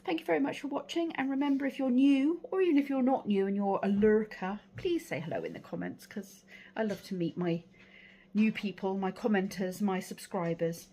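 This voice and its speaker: Her pitch is medium but swings widely, her speed is normal, and her tone is mellow. She's a tired, yawning British vlogger talking casually to camera at home and in the garden, drifting a little with fillers.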